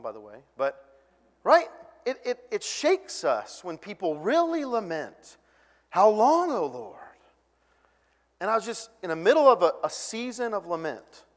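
A man preaching a sermon as a pastor, conversational and animated, acting out voices when he quotes people. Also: high-pitched, long reverb tail.

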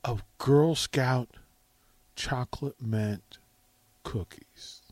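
A male radio host telling stories in casual call-in chat, swinging from loud to hushed. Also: medium pitch, extremely slow, no echo. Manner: animated storytelling, dramatic swings from loud to hushed.

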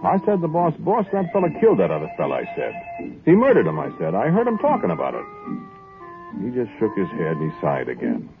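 An actor playing a hesitant, stammering trumpeter in an old-time radio monologue. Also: male voice, lowish voice, huge pitch swings, fairly quick. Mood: fretful. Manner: hesitant, stammering, sing-song. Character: nervous, hesitant out-of-work trumpeter. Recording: tinny old radio with faint music.

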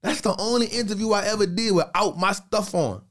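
A man in a casual podcast chat, telling stories in an animated, slangy way and repeating phrases for emphasis. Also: high voice, a little fast.

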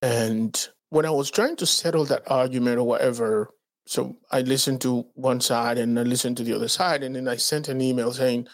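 Telling a story on the podcast he co-hosts, a man from the Dominican Republic cusses freely and performs the quotes in raised voices with animation. He speaks casually at a moderate pace in a medium-pitched voice.

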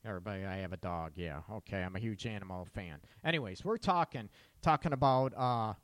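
Lively, animated male podcast host. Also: medium pitch, clean tone, dry recording. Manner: animated, rhetorical questions, frequent "right?" tag, chuckles. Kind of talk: casual monologue to listeners.

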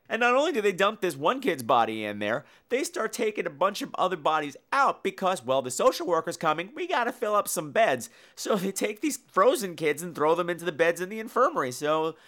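A man hosting a podcast, retelling a horror film in a campy, animated way. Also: a little high. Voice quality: campy, animated storytelling with acted-out voices. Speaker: podcast host. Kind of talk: casual film review podcast.

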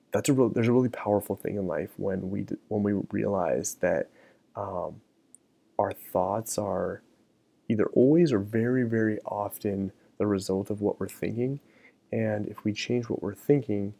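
A man's voice: on the low side, gravelly. A middle-aged man hosting a solo podcast, talking casually with many ums and you-knows. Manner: relaxed, many fillers like um and you know. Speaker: podcast host.

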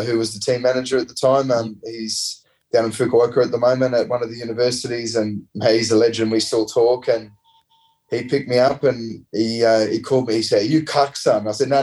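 An Australian man, a former rugby player, telling relaxed, rambling anecdotes in a casual interview. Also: mid-range voice, moderate pace, low-quality recording. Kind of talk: casual storytelling.

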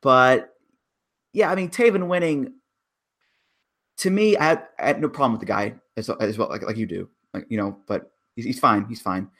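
A man's voice: mid-range voice, normal speed, a bit bright. A man co-hosting a casual wrestling chat, making emphatic arguments about storylines. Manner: emphatic, breaks down booking logic.

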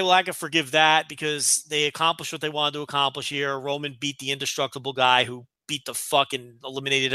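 A man's voice: fairly high pitch, pushed and bright, no room sound. A man hosting a wrestling podcast, giving blunt, profane opinions in casual chat. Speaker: podcast host.

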